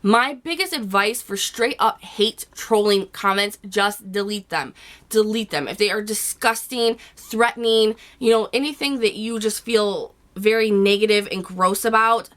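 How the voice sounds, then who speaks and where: A woman with a cold-roughened, hoarse voice, giving blunt, chatty advice to her viewers in a casual vlog. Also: medium pitch, measured pace, a bit bright. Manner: blunt, chatty, with frequent "you know" and casual swearing. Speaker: YouTube vlogger. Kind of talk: casual advice chat to camera.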